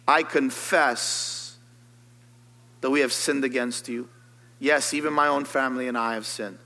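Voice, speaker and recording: A man, a pastor, preaching a sermon, reading scripture and rising to loud, high, fervent calls. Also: steady tone, moderate pace, creaky. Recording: long hall reverb.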